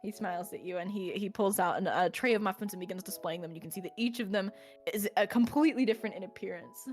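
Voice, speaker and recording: A woman game master narrating a fantasy adventure in a mid-pitched voice. Her description is loose and conversational, full of "um"s and little laughs, with faint music playing behind. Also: fast talker, darkish tone. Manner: descriptive, with frequent fillers and laughs. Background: faint background music.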